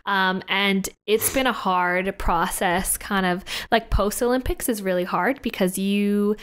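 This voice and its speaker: A woman's voice: medium pitch, a little slow, smooth. A young woman in her twenties, an Olympic swimmer, telling stories in a casual interview with lots of fillers and the odd swear word. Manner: animated, swears freely, many fillers. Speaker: guest, Olympic synchronised swimmer.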